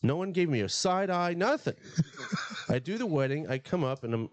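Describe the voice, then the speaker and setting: Animated, laughing man telling a story. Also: fairly high pitch, moderate pace, very noisy. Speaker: podcast guest. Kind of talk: casual chat, anecdote. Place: podcast studio.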